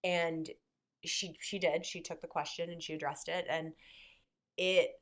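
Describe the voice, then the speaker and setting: A woman's voice: deep voice, flat delivery, a little slow, fairly bright tone. A young adult woman hosting a podcast, chatting candidly and swearing freely, with frequent restarts. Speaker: podcast host. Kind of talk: casual chat.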